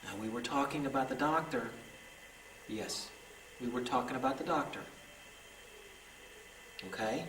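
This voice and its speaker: A man working as a paranormal investigator, coaxing unseen spirits with gentle, pleading, repetitive talk inside a derelict island building. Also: medium pitch, unhurried, pauses often, slight background noise, poor audio. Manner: gentle, pleading, repeats himself.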